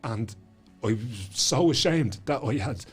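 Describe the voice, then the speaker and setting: With soft background music behind him, an Irish man in middle age speaks in a husky, medium-pitched, animated voice at a measured pace. A guest on a chat podcast, he tells his story with passion, cursing freely and repeating words as his feelings rise.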